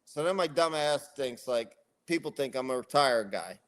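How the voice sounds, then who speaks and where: A middle-aged man telling a story in casual podcast chat, ranting and swearing a lot in an animated way. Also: medium pitch, normal speed. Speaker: podcast co-host.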